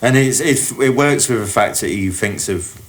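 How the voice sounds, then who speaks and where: A man's voice: on the low side, normal speed. A man from Doncaster, England, co-hosting a comedy podcast in casual, rambling chat full of "like" and "um". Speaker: podcast co-host.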